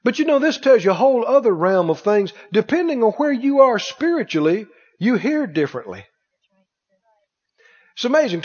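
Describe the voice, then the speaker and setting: A man preaching a sermon, acting out scripture voices and firing rhetorical questions at the congregation. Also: high voice. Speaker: pastor. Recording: dull sound with long hall reverb.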